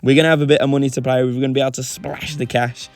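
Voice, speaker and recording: A young man hosting a video game let's-play, excitable and given to loud celebratory shouts. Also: medium pitch, racing, reverberant, soft background music. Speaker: gaming channel host. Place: home room.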